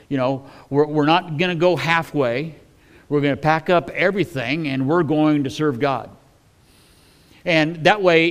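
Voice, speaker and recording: A man delivers a sermon in a relaxed, conversational voice. He talks in a folksy way, with many fillers and restarts, as if chatting with his congregation. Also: mid-range voice. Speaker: preacher.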